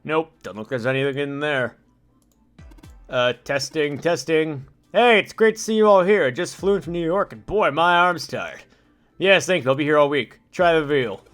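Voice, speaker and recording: A man voicing a big, blunt, dim-witted male brawler in a gruff put-on deep voice, acting out a game character on a livestream. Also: moderate pace, a bit bright, faint music behind, close to an everyday voice. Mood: joking.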